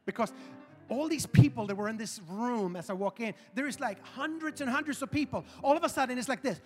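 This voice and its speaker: A pastor in his forties telling a funny story in a sermon, animated and building to loud emphasis. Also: very high-pitched, a little fast. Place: large church auditorium. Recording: reverberant hall with faint music.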